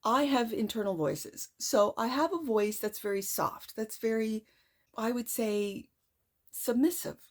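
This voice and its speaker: Excitable woman tarot reader, slightly high voice, emphatic delivery. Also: unhurried. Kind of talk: tarot reading to camera.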